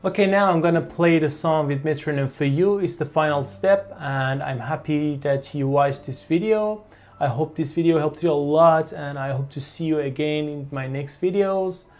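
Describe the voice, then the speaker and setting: A piano teacher who explains a beginner piece in a slow, halting way, with frequent fillers and restarts. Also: mid-range voice, a little mellow. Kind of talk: online piano tutorial.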